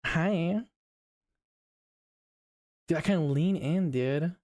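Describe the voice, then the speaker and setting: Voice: mid-range voice, drawn-out words, dry recording, studio quality. A VTuber streamer chatting casually on a live stream, laughing a lot and swearing often. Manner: giggly, swears often, reacts out loud.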